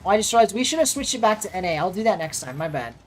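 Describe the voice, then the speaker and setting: This American woman streams and casts, chatting casually with viewers as she plays and reacts to the match and to chat. Her mid-range voice is sing-song and rapid-fire, with a slight hiss or hum in the audio.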